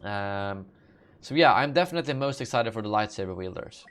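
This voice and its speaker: Though his intonation is lively and his pace a little fast, this young man with a fairly low, slightly bright voice is sleepy and yawning. Hosting a live gaming Q&A, he reads chat questions and rambles through answers with many fillers and self-corrections.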